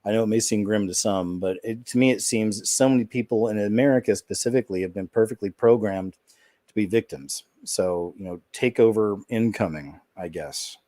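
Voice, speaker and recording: A man's voice: fairly low pitch, a little fast, warm tone, no room sound. A man hosting a show, musing about news clips in a laid-back way, with fillers like "man" and "you know". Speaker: host. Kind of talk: casual commentary on news clips.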